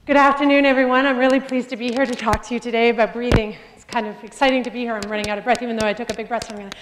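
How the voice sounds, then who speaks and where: A nervous speaker, as a woman acts her out, rushes through her opening lines and gasps for air between phrases. The voice sits high and pushes loud. The hall gives it a long reverb. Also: steady tone, background noise, lightly acted. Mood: breathless. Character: nervous breathless woman giving a presentation.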